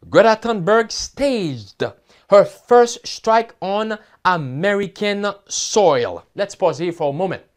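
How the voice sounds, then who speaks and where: A man preaching a sermon, reading headlines and scripture quotes aloud and asking his listeners questions. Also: high-pitched. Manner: emphatic, asks the audience questions. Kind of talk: sermon reading news and prophecy.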